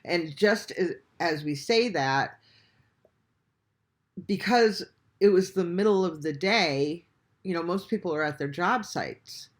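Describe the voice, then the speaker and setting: Man, reaction host, spins a casual story with animated swearing and frequent laughs. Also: high voice, takes it slowly, pauses often.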